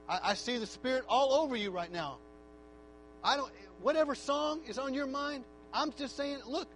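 A man preaching a sermon in a church, moving from quiet, reflective talk to a shouted, fervent altar call. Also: high voice, a little hiss or hum, low-quality recording.

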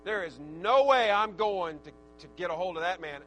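A preacher acting as a fearful disciple, protesting. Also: male voice, sits high, normal speed, faint music behind. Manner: pleading, incredulous protest. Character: reluctant fearful male disciple, pleading. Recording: steady mains hum.

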